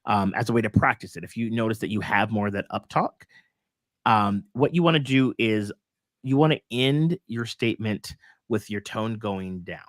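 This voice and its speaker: A man's voice: fairly low pitch, animated, normal speed, no room sound. Guy hosting a coaching talk, upbeat, lots of uhs, dry close mic. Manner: upbeat, rambling with fillers. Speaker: host. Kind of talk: casual coaching chat.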